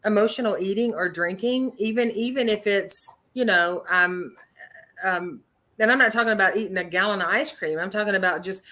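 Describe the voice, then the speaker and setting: Woman, talk show co-host, bright voice, earnest, thoughtful, halting. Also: medium pitch. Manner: earnest, thoughtful, many fillers. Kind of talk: casual talk show chat.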